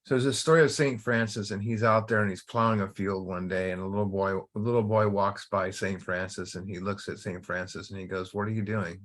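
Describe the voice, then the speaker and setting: A man's voice: low voice, flat delivery, brisk, hardly any pauses, fairly bright tone. A middle-aged man hosting a recovery study group, telling a story and teaching in a casual, conversational way, often repeating and restarting words.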